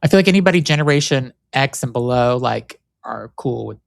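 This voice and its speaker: A male podcast host at a middle pitch, gushing and affirming as he interviews his guest. His questions trail off and restart. The recording is dry and close. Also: lively intonation, fairly quick, creaky, dry recording. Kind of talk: casual interview.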